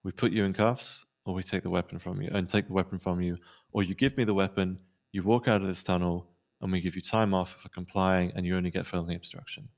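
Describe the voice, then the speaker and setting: A man playing a police officer, recounting a tense incident in a quick, storytelling way and acting out what people said. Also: sits low, steady tone, creaky. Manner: rapid storytelling, acts out quoted lines. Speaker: police officer in role-play. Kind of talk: in-character debrief recounting an incident.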